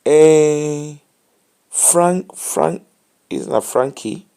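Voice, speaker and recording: A man's voice: on the high side, very slow, vocal fry, dark tone, clear, resonant tone. A tired man with a Nigerian accent hosting a late live show, giving casual commentary and advice in English mixed with Pidgin.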